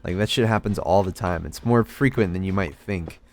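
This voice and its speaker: Speaking a little fast in a low voice, a young man who makes gaming videos tells a meandering story over gameplay. He comes across as hesitant and self-deprecating.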